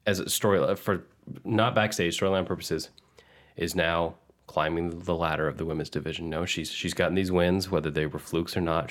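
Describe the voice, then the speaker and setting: A man co-hosting a casual podcast who gives blunt, opinionated rants. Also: deep voice. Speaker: podcast co-host. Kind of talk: casual chat.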